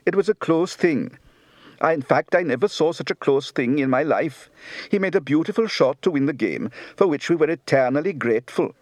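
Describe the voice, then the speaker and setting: A man's voice: a little high, animated, moderate pace, a little mellow, dry recording. Dialect coach, male, Welsh accent drills, lilting up-and-down melody, dry close sound. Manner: sing-song falling and rising lilt.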